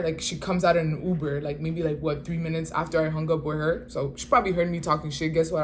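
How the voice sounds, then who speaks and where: A woman in her twenties telling a casual storytime, animated and slangy, retelling with exasperation. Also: sits low, brisk, hardly any pauses, a little hiss or hum. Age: 20s. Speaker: vlogger.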